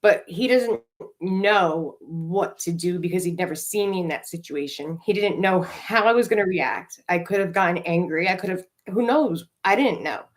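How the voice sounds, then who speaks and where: A woman in middle age, speaking on a podcast about her recovery. Her voice sits low, and she tells her story rawly and honestly, swearing freely and leaning on fillers. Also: moderate pace. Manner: raw and emotional, frequent swearing and fillers. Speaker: podcast co-host.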